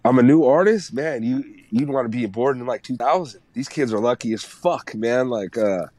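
A man's voice: medium pitch, normal speed, warm tone, no echo. A man in his thirties, a music producer guest, giving blunt and profane advice in casual podcast chat.

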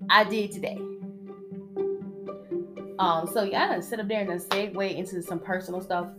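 A young woman hosting her own podcast, talking in a casual solo monologue with a soft, low-key delivery and blunt, opinionated, slangy asides. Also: steady tone, moderate pace, over loud music. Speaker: podcast host.

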